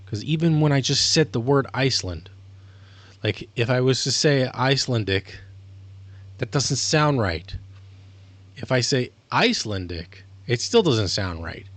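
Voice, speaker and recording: A male streamer talks through his thoughts in a loose, rambling way, correcting himself as he goes. His voice sits at a middling pitch. The sound is dry and close. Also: animated, measured pace, no room sound. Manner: rambling, self-correcting, explanatory. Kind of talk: casual livestream monologue.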